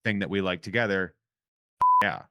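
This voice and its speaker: Low-voiced rambling male podcast host. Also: moderate pace, pushed and bright. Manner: rambling, full of restarts and 'like' fillers. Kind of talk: casual chat.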